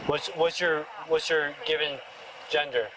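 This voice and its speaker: A man's voice: on the high side, little pitch movement, unhurried. A man, a police officer, asking questions outdoors in a matter-of-fact way. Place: outdoors on a street. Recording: police bodycam audio with loud street noise.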